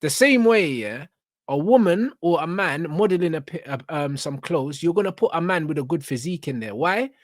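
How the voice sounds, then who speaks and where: A young man ranting in reaction commentary, blunt and full of street slang and swearing. His voice sits a little high. The sound is dry and close. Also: expressive, moderate pace, dry recording. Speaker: reaction channel host.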